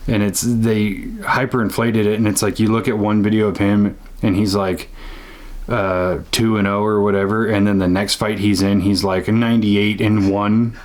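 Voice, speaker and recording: A man's voice: on the low side, flat delivery, moderate pace, a little mellow. A man hosting a casual podcast, blunt and profane, mocking as he talks. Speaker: podcast host.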